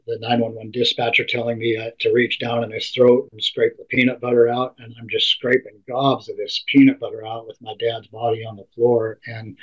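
Husky-voiced man telling a story haltingly. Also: medium pitch. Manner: halting, repeats and restarts words often. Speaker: interview guest. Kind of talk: emotional personal storytelling. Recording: dull lo-fi recording.

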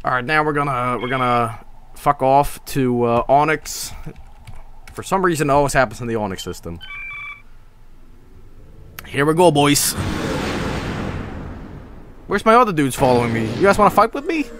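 A man streaming a space game, chatting casually, swearing and breaking into shouts when the fighting starts. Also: mid-range voice, moderate pace, pauses often, slight background noise. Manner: excitable, swearing, jumps to shouting in combat. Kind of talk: casual gameplay commentary.

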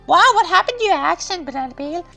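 A piercingly high, bright little sidekick voice, whining and pleading in a video game commentary. It swoops up and down all over the place, fussy and excitable, with faint music underneath. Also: male voice, quick pace, creaky, exaggerated voice. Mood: whiny.

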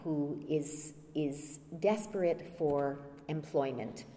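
Woman guest lecturer, low mellow voice, storytelling, echoing hall. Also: slight background noise. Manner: storytelling, retelling a play scene with hesitant fillers. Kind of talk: public lecture.

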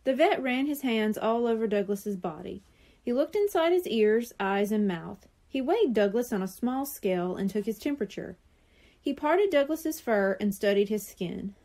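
Library storyteller, female, mellow tone, lively and expressive read-aloud. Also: on the high side, moderate pace. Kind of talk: reading a children's book aloud.

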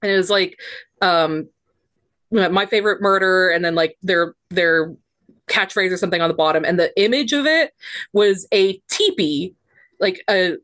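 A woman's voice: fairly low pitch, normal speed, fairly bright tone, dry recording. A woman co-hosting a podcast, explaining at length in a rambling, thoughtful casual chat. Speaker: podcast co-host.

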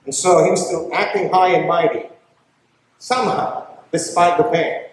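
A man's voice: on the high side, fairly even intonation, normal speed. A bishop preaching a sermon, who keeps checking whether his listeners follow him. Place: large church. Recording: very echoey church hall.

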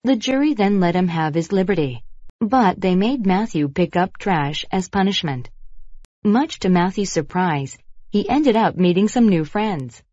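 A woman reading example sentences and a short story for a vocabulary lesson in clear, measured narration. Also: on the low side, expressive, a little mellow, no room sound, highs cut off.

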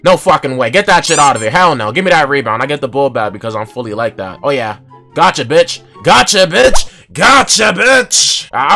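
Hyped young man trash-talking over gameplay. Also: a little high. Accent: New York. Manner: loud, swings between yelling and muttering. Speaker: gaming YouTuber.

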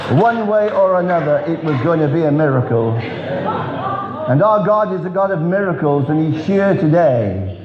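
A man preaching an earnest revival sermon, telling stories with emphatic pauses. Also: lively intonation, a loud crowd. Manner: earnest, storytelling, emphatic drops in pitch. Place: large church hall. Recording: echoey church hall, dull sound.

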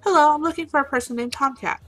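A woman's voice: high voice, quick pace, a bit bright, no room sound, faint music behind, pitched above the performer's own voice. A woman voicing a polite player character, reading in a plain, mild manner.

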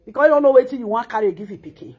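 A Nigerian woman in her thirties speaks in a high voice and a Nigerian Pidgin accent. She scolds with passion and repeats her words as she reacts to the news. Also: very fast, darkish tone, breathy edge. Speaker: social media commentator. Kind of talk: emotional reaction monologue.

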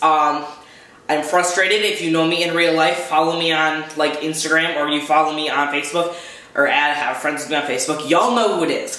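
In a very echoey room, a young adult vlogger from the United States vents her frustration with a sharp, medium-pitched voice. The rant comes in angry outbursts, full of swearing.

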